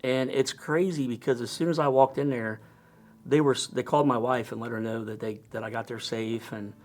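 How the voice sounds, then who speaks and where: A middle-aged man, a firefighter lieutenant, giving an earnest, halting personal testimony with many pauses and restarts. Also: mid-range voice, fairly even intonation.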